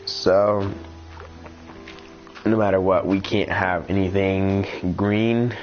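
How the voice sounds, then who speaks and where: A man talking through his gameplay as a channel host, rambling and thinking aloud with many ums and restarts, sounding congested and a little rough. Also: deep voice, flat delivery, slow, faint music behind. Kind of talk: casual gameplay commentary. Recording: slightly dull lo-fi sound with faint noise.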